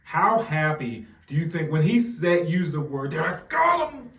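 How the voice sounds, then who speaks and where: A man, talking casually as a podcast co-host, animated and repeating words when he gets going. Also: a little high, moderate pace, a little hiss or hum. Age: 40s. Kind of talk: casual chat. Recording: roomy sound, mic at some distance.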